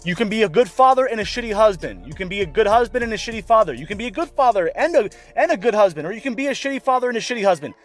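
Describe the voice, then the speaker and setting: A high-voiced man rants through a commentary video, sarcastic and openly exasperated, swearing freely as he reads and mocks quotes. His tone keeps swinging between mock outrage and weary disbelief. Faint music sits underneath. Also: very animated, racing, few pauses. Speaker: commentary vlogger. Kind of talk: ranting commentary.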